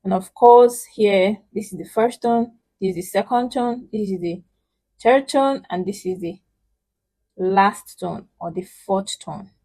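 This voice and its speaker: Over a rough recording, a woman with a medium-pitched voice gives an online lesson in spoken Chinese, explaining in English. Patient and emphatic, she sounds out each syllable slowly and loudly.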